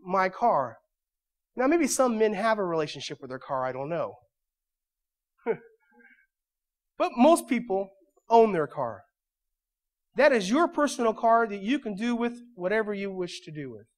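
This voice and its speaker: A male pastor delivering a sermon in a church, moving from quiet storytelling to loud, emphatic preaching. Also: sits high, sing-song, unhurried, long pauses.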